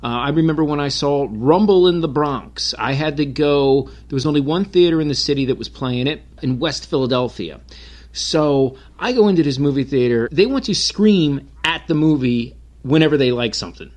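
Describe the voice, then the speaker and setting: A man co-hosting a podcast who tells crude, animated stories in casual chat. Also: a little high, normal speed. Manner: animated, crude, laughing storyteller. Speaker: podcast co-host.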